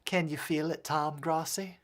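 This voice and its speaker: A man's voice: fairly high pitch, steady tone, measured pace, close to an everyday voice. A man voicing a flustered shy bookish girl. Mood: breathless, flustered. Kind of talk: let's play voice acting.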